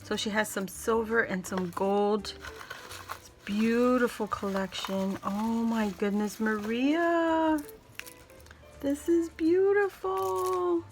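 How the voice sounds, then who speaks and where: A woman's voice: mid-range voice, slow pace, slight background noise. A woman hosting a crafting vlog, unboxing handmade supplies with effusive, gushing exclamations. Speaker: crafting channel host.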